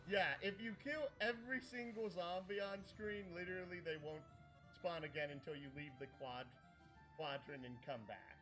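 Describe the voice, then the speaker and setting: A man's voice: high voice, normal speed, bright, forceful tone, soft background music. A man streaming a retro game, chatting in a laid-back way and explaining game mechanics. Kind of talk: casual chat while gaming.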